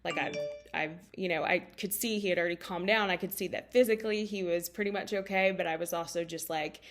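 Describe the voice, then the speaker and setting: A woman's voice: fairly low pitch, brisk, faint music behind. A life coach in her thirties telling a personal story in a candid, emotional way, with many fillers.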